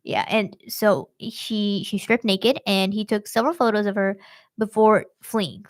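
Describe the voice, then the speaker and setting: A woman's voice: mid-range voice, a little slow. A young woman hosting a true-crime podcast, retelling a case in casual, slangy chat. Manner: slangy, animated storytelling.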